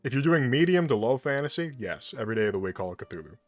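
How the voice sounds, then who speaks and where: A man's voice: medium pitch, sing-song, quick pace, no echo, faint music behind. A man hosting a casual writing chat, emphatic and opinionated, laughing often.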